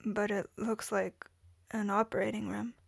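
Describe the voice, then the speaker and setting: An earnest, troubled male soldier, voiced by a woman reading a story, who speaks in a strained way. The delivery stays flat, and the sound is dry and close. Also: fairly high pitch, normal speed, no room sound, lightly acted.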